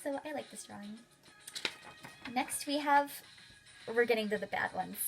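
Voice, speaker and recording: A young woman with a slightly high voice narrates her own drawings in a loose, casual voice-over. She talks in a chatty, gushing way, full of fillers and asides. Faint music plays quietly underneath. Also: lively intonation, normal speed, gravelly, rough recording. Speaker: artist showing her sketchbook. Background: faint background music.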